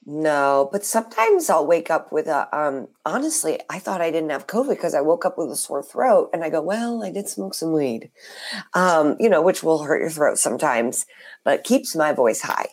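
Raspy sick-sounding lady hosting a podcast, kinda low pitched, gets really animated. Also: moderate pace. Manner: animated, swings up high when fired up. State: hoarse from a cold. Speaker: podcast co-host. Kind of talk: casual chat.

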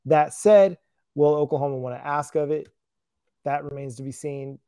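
A man's voice: a little high, steady tone, normal speed, mellow, dry recording, clean studio sound. A man co-hosting a casual sports talk show, laid-back and self-deprecating.

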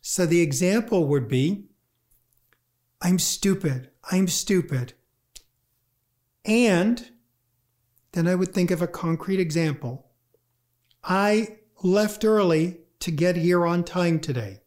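A grief lecturer giving a talk, speaking conversationally and acting out inner voices in quick asides. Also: mid-range voice, a little mellow. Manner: conversational, with fillers. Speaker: grief lecturer and workshop leader. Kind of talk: talk on grief and positive thinking.

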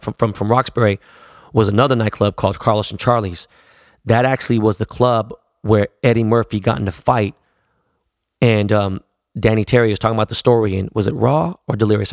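A man's voice: fairly low pitch, no echo, studio quality. A man in his forties casually telling long rambling stories, full of slang and swearing. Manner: profane, rambling, slangy storytelling. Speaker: podcast host telling stories. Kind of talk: casual storytelling.

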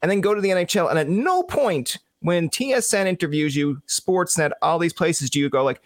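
A man's voice: high-pitched, expressive, fairly quick, no room sound, clean studio sound. A man from Newfoundland hosting a podcast, chatting loosely and jokily with lots of "like" fillers. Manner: loose, filler-heavy, jokey. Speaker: podcast host. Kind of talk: casual podcast chat.

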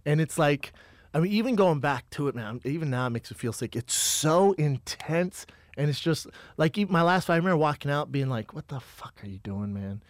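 A man's voice: a little high, fairly quick, dry recording, clean studio sound. A middle-aged man chatting casually as a podcast guest, telling stories and acting out the dialogue. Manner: storytelling, acts out quoted dialogue, says "man" often. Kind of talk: casual chat.

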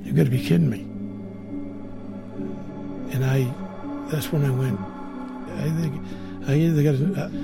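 A man telling a first-person ghost story in a rambling, halting way, full of restarts and repeated words. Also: on the high side.

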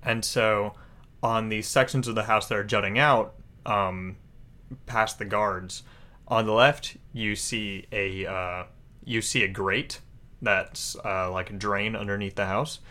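A man running a tabletop game, describing the scene in a casual, halting way. His voice is fairly low and bright, with a crisp, forward edge. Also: steady tone. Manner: casual, hesitant with fillers. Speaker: game master.

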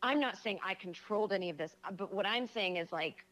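A woman talking as a guest in a casual chat, reflective and frank, pausing and hesitating as she thinks aloud. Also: medium pitch, fairly bright tone. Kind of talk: casual conversation.

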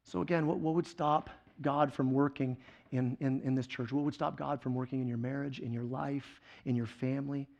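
A male guest preacher delivering a sermon, telling the story with animated swings between loud excitement and quiet intensity. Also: mid-range voice, normal speed, vocal fry, dull audio.

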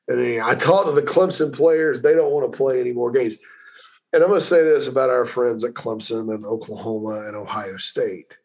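Rambling male sports radio host. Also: medium pitch. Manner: rambling, conversational, repeats words, pauses with fillers. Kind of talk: call-in sports talk.

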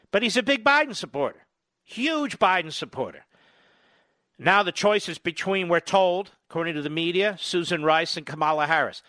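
A male talk radio host delivering a combative, sarcastic political monologue full of rapid-fire rhetorical questions. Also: high voice, bright, forceful tone, dry recording, studio quality.

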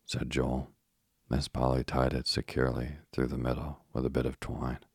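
A man narrating a bedtime sleep story in a slow, soothing reading voice. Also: very deep voice, completely flat delivery, husky, no echo, studio quality.

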